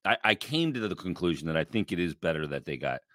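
A man's voice: deep voice, expressive, fast talker, a bit bright, no echo, clean studio sound. A man co-hosting a casual sports podcast, blunt and jokey, swearing casually. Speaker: podcast co-host. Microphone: podcast microphone with headphones.

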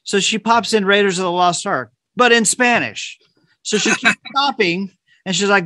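A man co-hosting a casual music talk show, chatting enthusiastically and telling a quick story. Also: high-pitched, pushed and bright, dry recording. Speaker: podcast co-host. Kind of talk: casual chat.

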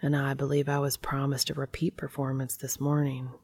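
A woman voicing a confident, playful adult man who speaks low and hushed in a story reading. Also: lively intonation, unhurried, gravelly, full character voice.

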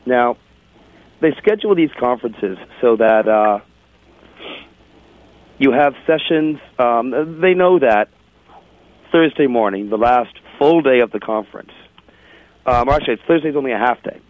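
Male talk-radio host, casual and storytelling, laughs a lot, mid pitch, phone-quality audio. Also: lively intonation, a little slow, long pauses, no room sound. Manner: chatty, laughing, self-interrupting.

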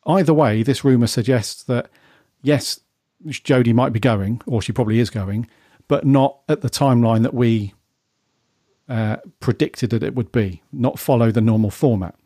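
A man with a mellow, relaxed tone talks through rumours in an easy, rambling podcast chat. His voice is recorded close and dry, with no room sound. He keeps checking in with his co-host. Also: medium pitch, moderate pace, dry recording. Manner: chatty, rambling, asks his co-host's view. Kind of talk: casual fan podcast chat.

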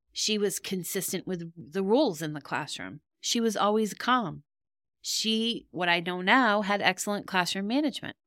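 A middle-aged woman hosts her podcast and tells a personal story in a candid, rambling way that turns emotional. Her voice sits fairly low, and it is picked up close and dry with no room sound around it. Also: a bit bright, no echo. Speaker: podcast host.

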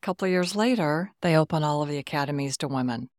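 A woman's voice: low-pitched, fast talker, dry recording, studio quality. A woman in her sixties from Texas, a retired Air Force officer telling stories as a podcast guest. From Texas, USA. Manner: warm, animated anecdotes with quoted dialogue. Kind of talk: conversational storytelling.

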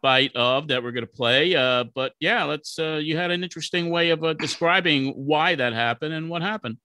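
Bright-voiced male podcast host. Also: a little high, normal speed, dry recording. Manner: easygoing, sets up a clip. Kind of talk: casual interview chat.

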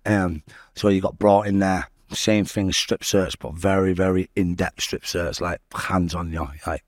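A young man, a podcast guest telling his life story in an animated, swearing, storytelling way. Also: deep voice, a little slow, dry recording, clean studio sound. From Salford, England. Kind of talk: storytelling interview.

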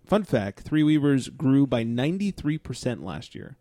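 A man's voice: mid-range voice, sing-song, moderate pace, mellow, slight background noise. A man hosting a beer podcast, chatting through the news and laughing as he reads stories aloud.

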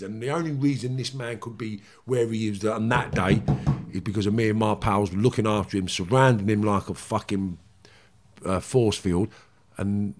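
An intense man, speaking with blunt, raw feeling and frequent swearing. He circles back and repeats his points as he talks. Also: lowish voice. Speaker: guest, former criminal. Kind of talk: emotional interview storytelling.

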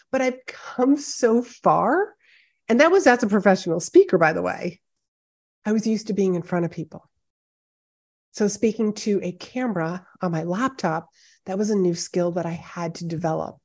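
A woman with a slightly mellow, medium-pitched voice hosts a solo podcast as a speaking coach. She gives an encouraging, conversational pep talk straight to the listener from her home office, which has high ceilings and hardwood floors.

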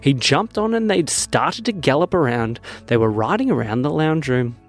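Lively man reading a kids' story. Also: fairly high pitch, moderate pace, soft background music. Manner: animated, expressive read-aloud. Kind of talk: children's story narration.

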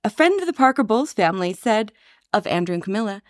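A woman's voice: medium pitch, sing-song, fast talker, no room sound, studio quality. A woman co-hosting a casual podcast chat, reading out quotes with wry, playful commentary. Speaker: podcast co-host. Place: Paris.

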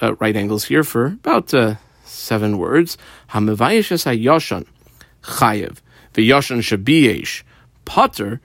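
A man at an ordinary middle pitch teaches a Talmud page step by step, reading each phrase aloud before explaining it. He sounds methodical and patient. The recording is dry and close, with no room sound. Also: no room sound. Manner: methodical, reads Hebrew and Aramaic then translates. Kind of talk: explaining a text with a page guide.

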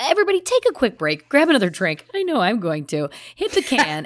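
Woman podcast co-host, very lively voice, giggly and playful, casual chat. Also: lowish voice.

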